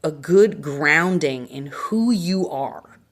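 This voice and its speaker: A woman's voice: low-pitched, animated, slow. A woman from Vermont, a podcast guest, telling her personal story in an earnest, emotional and frank way.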